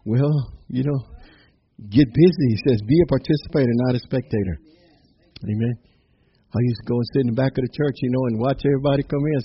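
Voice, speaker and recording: A man preaching a lively, joking sermon, breaking into song and shouting out Bible verses. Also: a little high, husky, lo-fi sound.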